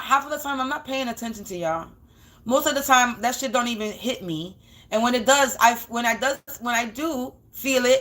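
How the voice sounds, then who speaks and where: Defiant woman, fairly high voice. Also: a bit bright. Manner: defiant, emotional, repetitive. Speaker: spiritual reader and vlogger. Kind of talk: emotional monologue vlog.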